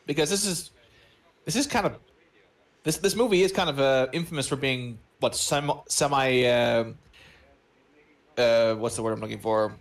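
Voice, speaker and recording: A man's voice: mid-range voice, moderate pace, pauses often. A man co-hosting a movie watch-along, rambling and joking as he searches for words. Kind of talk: casual chat.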